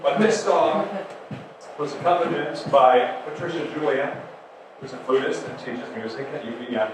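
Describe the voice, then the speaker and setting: A man's voice: mid-range voice, moderate pace, noisy background. A middle-aged man telling personal stories on stage with wry, self-mocking asides. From Delaware. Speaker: solo stage performer. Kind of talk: personal storytelling monologue. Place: theater stage. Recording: echoey room from far off, music behind.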